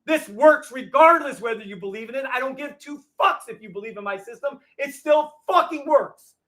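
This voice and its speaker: A man hosting a live trading show, ranting in a loud, profane, combative way to his viewers. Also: very high-pitched, expressive, normal speed. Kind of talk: heated livestream rant.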